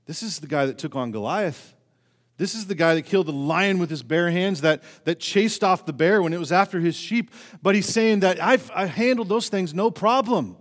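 A male pastor preaching a sermon in earnest, asking the congregation rhetorical questions and swinging between raised emphasis and hushed, low passages. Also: normal speed. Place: church sanctuary. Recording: church sermon with long hall reverb.

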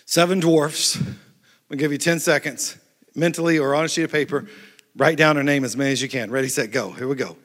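A man preaching a lively, playful sermon to a church crowd on a handheld mic. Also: on the high side, brisk. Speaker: pastor. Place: large church hall. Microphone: handheld microphone. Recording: echoey church hall.

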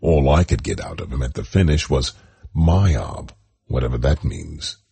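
An army colonel speaks with stiff, formal courtesy. His voice is very low and husky, with lively intonation, as a man reads him. The delivery is slow and dark. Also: no echo, exaggerated voice.

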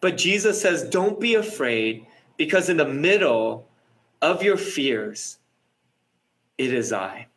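A man delivers a reflective sermon at an unhurried pace. His voice sits slightly high, and he often restarts phrases and repeats words as he works through a thought. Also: sing-song, fairly bright tone. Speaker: pastor. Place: apartment.

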